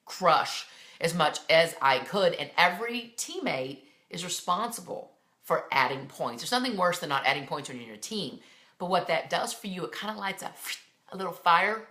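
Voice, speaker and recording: A woman's voice: mid-range voice, sharp tone, reverberant. A woman in her thirties, a fitness coach leading her team, giving a fervent, blunt motivational pep talk on a team call.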